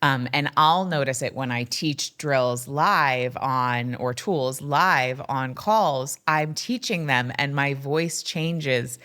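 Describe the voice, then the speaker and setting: A woman's voice: very deep voice, slow pace, few pauses, fairly bright tone. A woman hosting a podcast interview, reflective and thinking aloud as she talks. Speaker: podcast host.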